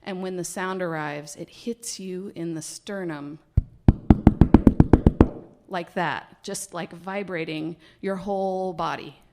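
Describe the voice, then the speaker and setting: A woman biologist telling a personal story live on stage, animated and laughing, with hesitations and fillers. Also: fairly low pitch, slow pace, heavy background noise.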